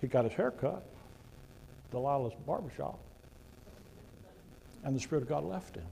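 A man preaching a sermon to a congregation, conversational and emphatic, with sudden loud punches. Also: mid-range voice, lively intonation, moderate pace, gravelly, slight background noise, poor audio. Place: church before a congregation.

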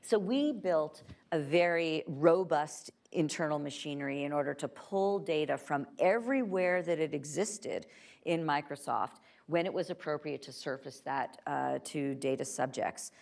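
A woman speaking as a guest onstage at a conference, lively and laughing, acting out quoted voices between frequent fillers. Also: deep voice, measured pace, gravelly. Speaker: guest speaker, tech company privacy chief. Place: stage at a tech conference.

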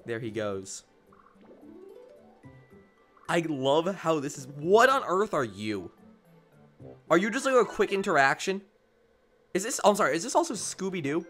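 A man doing let's play commentary in a mocking, sarcastic way, breaking into laughter often. His voice sits mid-pitch but swings widely up and down. Faint game music runs behind him. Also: big pitch swings, measured pace, long pauses, fairly bright tone. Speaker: gaming streamer.

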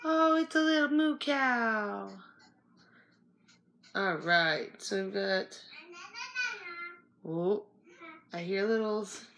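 A woman's voice: medium pitch, extremely slow, pauses often, a bit bright. A young woman chatting casually as she unboxes small toys at a relative's house, muttering to herself now and then as she sorts the pieces. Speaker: toy unboxing vlogger.

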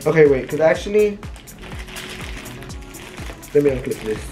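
A young adult vlogger in a casual chat, showing off new purchases at home and telling stories in a rambling, animated way. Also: medium pitch, measured pace. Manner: chatty, rambling, animated storyteller. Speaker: vlogger showing a shopping haul. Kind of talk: casual haul vlog chat. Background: faint music.

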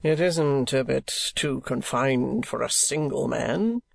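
A man's voice: gravelly, dry recording, exaggerated voice. A man putting on a pompous theatrical actor. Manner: slow, deep, theatrical drawl. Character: pompous blustering male tragedian actor.

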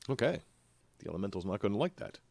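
Male game master with a deep voice and a loose, uh-filled narration style. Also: fast, creaky, dry recording. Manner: relaxed, many filler uhs.

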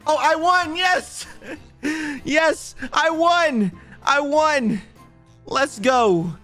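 Brief: bright, slow-talking excitable gamer guy narrating play, light music behind. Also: very high voice. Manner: excitable, repeats himself, talks straight to viewers. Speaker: gaming YouTuber. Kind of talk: casual gaming commentary.

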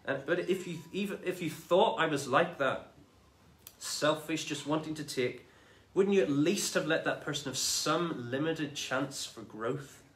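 A man preaching a sermon in a conversational, animated way, retelling scripture in everyday speech. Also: on the high side, measured pace, echoey room. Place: church.

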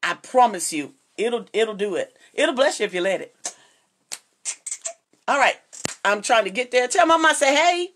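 A woman's voice: medium pitch, animated, measured pace, long pauses, fairly bright tone, a little hiss or hum. A middle-aged woman, hosting a casual live jewelry sale and greeting viewers by name in a bubbly, chatty way. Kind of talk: casual live-stream selling.

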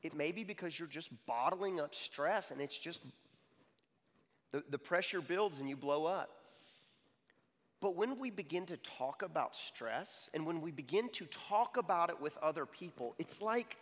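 Male pastor in his 30s, slightly high voice, lively talk-style sermon, hall reverb. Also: moderate pace. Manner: animated, repeats "okay?" to the crowd. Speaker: young adults pastor. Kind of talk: conversational sermon.

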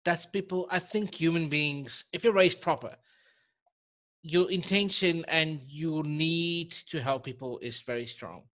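A man's voice: fairly high pitch, unhurried, sharp tone, lo-fi sound. A man hosting a conversational interview, speaking in an earnest, reflective way. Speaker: host.

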